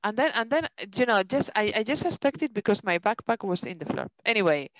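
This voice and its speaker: A woman co-hosting a podcast, telling a story in a casual, animated way, swearing and acting out what people said. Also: mid-range voice, a little fast, no room sound. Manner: animated, swears a lot, acts out dialogue. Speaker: podcast co-host. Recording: dull lo-fi dry sound.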